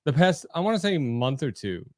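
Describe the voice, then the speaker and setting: A middle-aged man hosting a podcast, talking in a relaxed, joking way with plenty of fillers. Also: fairly high pitch, moderate pace, no echo, clean studio sound. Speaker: podcast host. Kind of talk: casual chat.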